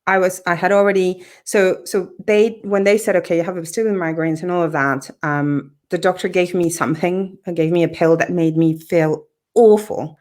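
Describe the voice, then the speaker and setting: A woman guest on a podcast, telling a personal story in a lively, conversational way and acting out what others said. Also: on the low side, moderate pace, few pauses. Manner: animated, acts out quoted dialogue, laughs often.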